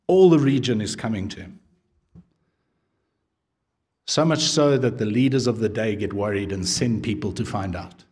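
A man preaching an expository sermon as pastor. He talks in a conversational way, asks his listeners casual questions, and drops to a low, quiet voice to stress a point. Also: normal speed, long pauses.

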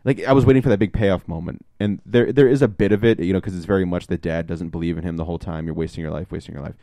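Deep-voiced rambling podcast host, man. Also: fast talker, warm tone, no echo. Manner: rambling, swears often, many fillers and restarts. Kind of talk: casual movie review chat.

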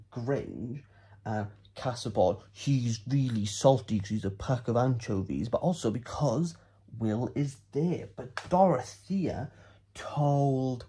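A man's voice: medium pitch, mellow. A man giving a comic, rambling book recap as a vlogger. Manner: rambling, playful, silly asides.

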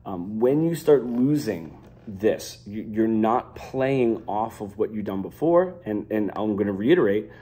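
A man's voice: on the low side, lively intonation, measured pace, dark tone, slightly rough. A young adult man giving an unscripted guitar lesson, talking loosely with many fillers and restarts. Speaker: guitar teacher.

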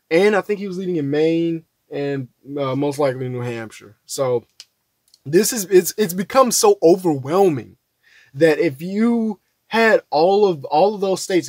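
A man's voice: fairly high pitch, a little mellow, no room sound. Rambling man with a dry close sound. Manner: loose and rambling, many fillers and restarts. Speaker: political commentary vlogger. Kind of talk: casual talk over an election map.

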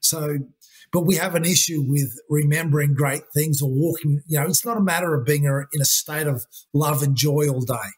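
A husky, slightly higher-pitched man. He talks earnestly and at length as a coaching guest in a conversational interview, looping back on his points. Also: moderate pace. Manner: earnest, repetitive, uses "you know" and "mate".

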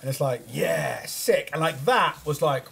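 A man's voice: a little high, a little slow, gravelly, fairly bright tone, a little hiss or hum. A man co-hosting a casual podcast, talking in a rambling, sweary way with many fillers. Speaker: podcast co-host.

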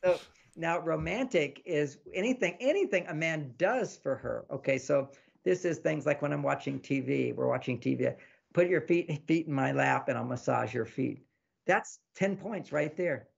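A man with a slightly high, gravelly voice talks through relationship advice as an interview guest. He is animated and keeps slipping into little acted-out quotes with a laugh. The sound is dull and lo-fi. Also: moderate pace. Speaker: relationship author and podcast guest. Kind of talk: casual advice talk in an interview.

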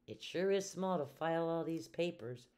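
Woman reader playing a storybook housekeeper: literal-minded, cheerful, matter-of-fact, mellow tone. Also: deep voice, lively intonation, moderate pace. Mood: earnest.

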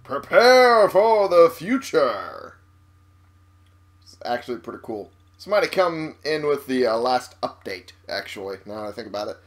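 This young man talks at a brisk clip in a medium-pitched voice while playing a video game, game music behind him. His let's-play commentary is loose and rambling, full of cursing and laughter.

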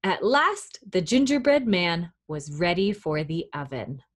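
A woman children's librarian reading a picture book aloud at storytime, gentle and encouraging toward young children. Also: fairly low pitch, very animated, a little slow.

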